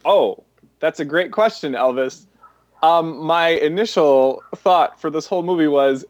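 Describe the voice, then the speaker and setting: A man's voice: a little high, measured pace, dull audio. A man co-hosting a podcast, chatting casually about a movie, with a sarcastic edge and lots of "like" fillers. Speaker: podcast co-host. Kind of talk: casual movie review chat.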